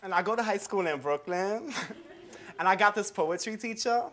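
A man's voice: high-pitched, expressive, moderate pace, crowd noise. A man playing a cocky teenage girl poet who likes girls in a live solo show, giggling, swaggering and teasing. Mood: cocky, giggly. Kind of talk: live solo theater performance. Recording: live show with loud music.

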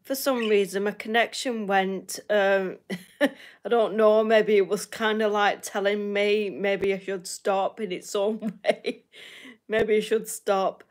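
A woman from the north of England, with a Northern English accent, chats casually with viewers as a livestream host, laughing often and repeating herself. Her voice is medium-pitched, steady in tone and slow.

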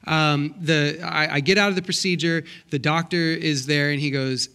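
A high, bright man's voice preaches a sermon from a church stage. He tells funny stories with lively acted-out quotes. He sounds middle-aged and speaks into a stage mic. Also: normal speed, gravelly. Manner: animated, comic storytelling with voiced quotes. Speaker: guest pastor. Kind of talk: sermon with storytelling. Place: church sanctuary.

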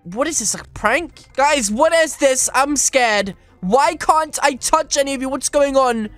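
A man hosting energetic gameplay commentary, excitable and reading chat aloud, with "flipping" in place of swear words. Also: extremely high pitch, measured pace, dry recording, soft background music. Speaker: gaming channel host.

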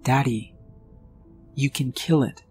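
A man voicing a young girl who speaks softly and earnestly to her father in a horror story narration. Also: mid-range voice, takes it slowly, faint music behind, pitched above the performer's own voice, close to an everyday voice. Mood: urging.

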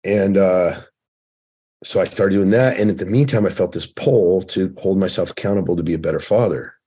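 Low husky-voiced man telling his story. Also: normal speed, dark tone. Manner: candid, swearing, storytelling. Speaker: podcast guest, firefighter turned coach. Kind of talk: casual conversation.

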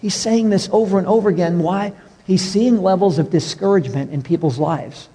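Husky middle-aged pastor guy preaching, a bit high, long church echo. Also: brisk. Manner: storytelling, drops to a soft hush for tender moments. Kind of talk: sermon. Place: church sanctuary.

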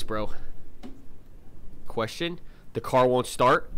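A man's voice: on the low side, normal speed, a bit bright, smooth. A young man streaming a horror game, reacting in jumpy, panicky bursts and reading the dialogue aloud. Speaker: gaming streamer. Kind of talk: gameplay commentary.

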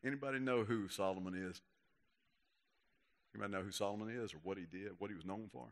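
A man's voice: on the low side, quick pace. A young man, a youth pastor giving a folksy, conversational sermon. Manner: folksy, conversational, acts out quotes. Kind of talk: casual sermon to young people.

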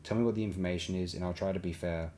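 A man's voice: low-pitched, fairly even intonation, mellow, slight background noise, natural voice. Man reading a guarded woman leader. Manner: careful, guarded, measured. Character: guarded female leader under pressure.

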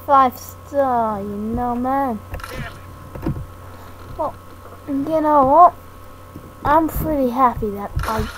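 Gaming woman, high-ish voice, slow rambling delivery, hiss on the home mic. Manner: slow, hesitant, self-deprecating rambling with many restarts. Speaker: gaming YouTuber. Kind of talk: rambling thank-you talk over gameplay. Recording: noisy home mic recording.

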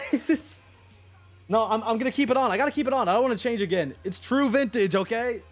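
A young man chatting on a live stream, rambling excitedly, swearing and talking to his chat. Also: very high-pitched, rapid-fire, faint music behind.

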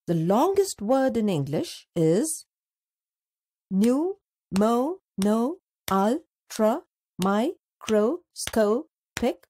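A woman narrating a scripted school lesson, speaking slowly and deliberately and stretching words out syllable by syllable. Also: on the high side, mellow, slightly rough. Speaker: teacher narrator.

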